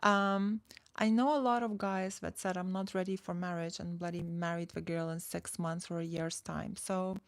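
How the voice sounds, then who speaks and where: Female dating coach, forties, casual rambling delivery, slight fry, dry close sound. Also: fairly low pitch, steady tone, moderate pace, no echo. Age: 40s. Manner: chatty, full of "like" and restarts, reads chat aloud. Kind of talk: casual livestream chat.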